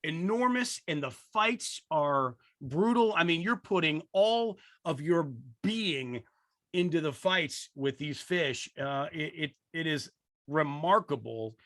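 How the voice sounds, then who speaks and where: A male podcast host with a slightly high, bright voice speaks in a casual, chatty way. He reacts eagerly with quick interjections. The sound is dry and close. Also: expressive, no echo. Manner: enthusiastic, short reactive interjections.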